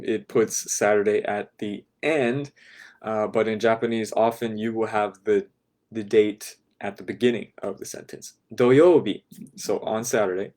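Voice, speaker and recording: A man teaching a class, patiently breaking phrases down step by step and checking in with "right?", sometimes dropping to a soft, quiet voice. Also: fairly low pitch. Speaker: language teacher. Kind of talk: explaining a lesson to a class.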